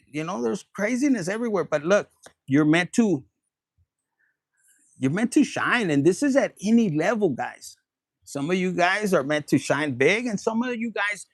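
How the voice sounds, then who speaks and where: A man's voice: high-pitched, no room sound, studio quality. A man giving a collective tarot reading in a streetwise, profane, preachy way, slipping into Spanish phrases. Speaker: tarot reader.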